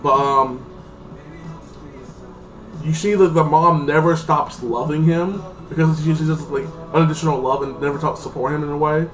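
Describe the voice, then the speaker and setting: A man with a somewhat high voice and fairly even intonation reviews a movie at a moderate pace, rambling casually, leaning on "like," and performing the characters. Faint music sits behind him, and his voice is a little far from the mic.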